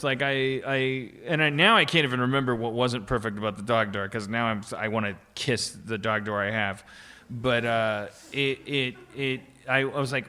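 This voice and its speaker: A man's voice: mid-range voice, normal speed, pushed and bright, smooth. A man hosting a comedy podcast, telling a rambling story with lots of restarts and swearing. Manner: rambling, restarts a lot, swears freely, acts out voices. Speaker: podcast host. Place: podcast stage with live audience.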